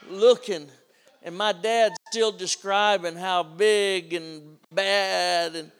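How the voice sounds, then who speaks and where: Slow, high-voiced older male preacher. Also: smooth. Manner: animated storyteller acting out voices. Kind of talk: sermon storytelling.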